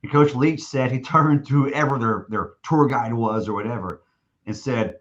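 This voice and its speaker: A man's voice: medium pitch, normal speed, fairly bright tone, lo-fi sound. A man telling a long anecdote as a podcast guest, restarting often and acting out what others said. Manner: rambling with many restarts, acting out quoted speech. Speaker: guest, stadium announcer. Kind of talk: storytelling in a podcast interview.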